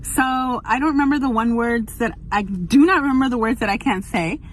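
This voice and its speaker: A woman's voice: on the high side, animated, a little fast, a little hiss or hum, low-quality recording. A woman recording a casual clip, cheerfully musing over a word she trips on. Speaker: clip sender. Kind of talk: casual chat.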